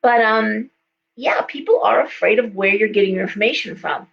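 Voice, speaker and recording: A woman psychic hosting a live stream, telling stories in a casual, animated way and acting out the voices of people she quotes. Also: medium pitch, normal speed, vocal fry, highs cut off, a little hiss or hum. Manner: animated, acts out quoted voices, many restarts. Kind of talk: casual storytelling chat. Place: indoors, shop.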